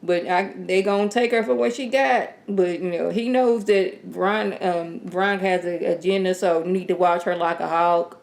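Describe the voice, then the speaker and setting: A woman casually reviewing a TV episode in a sassy, animated, rambling way. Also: fairly low pitch, moderate pace, creaky, hardly any pauses. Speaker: TV show reviewer. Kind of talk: casual chat.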